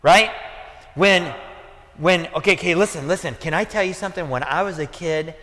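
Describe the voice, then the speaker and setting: A male pastor with a Midwestern American accent preaching a sermon in a church, talking conversationally, repeating "okay" and "listen", and climbing to near-shouting when fired up. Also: on the high side, moderate pace. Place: church sanctuary. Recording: reverberant church hall.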